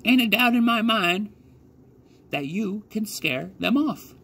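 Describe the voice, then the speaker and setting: Bossy old farm woman, high and lively, gruff rural dialect; male storyteller voicing her. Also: takes it slowly, exaggerated voice. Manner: barking rural dialect, clipped orders.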